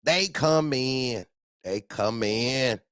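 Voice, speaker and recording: A man's voice: medium pitch, very slow, clear, resonant tone, no room sound, studio quality. A man tells a wild story in casual CB radio chat, repeating himself and cursing freely. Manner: animated, profane, repeats himself. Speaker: truck owner telling a story.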